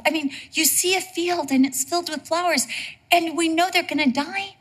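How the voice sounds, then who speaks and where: A woman preaching a sermon in a lively, humorous storytelling way. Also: extremely high pitch, normal speed.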